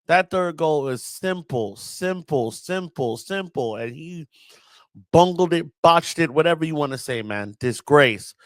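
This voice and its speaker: A man's voice: medium pitch, fairly bright tone, no echo. A Southern US man rants about football in a casual, slangy way, exasperated and emphatic, leaning on repeated words. His voice sits mid-range for a man. The sound is dry and close, with no room around it. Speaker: football reaction host. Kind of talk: casual fan rant.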